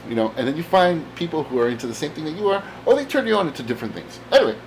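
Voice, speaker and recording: Guy rambling about comics on his channel, kinda high voice, super bouncy, lots of "you know". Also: big pitch swings, very fast, slight background noise. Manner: rambling and enthusiastic, many fillers. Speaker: comic book channel host. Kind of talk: casual chat.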